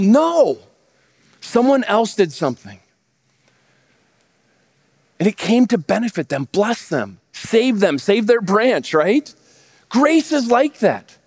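A pastor in his thirties delivers a sermon in a fairly high voice. He keeps posing rhetorical questions and answering them himself, with plenty of energy.

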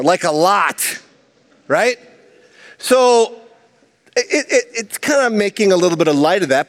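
Male pastor, high voice, lively conversational sermon, big hall reverb. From Minnesota, USA. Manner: animated, conversational preaching with asides.

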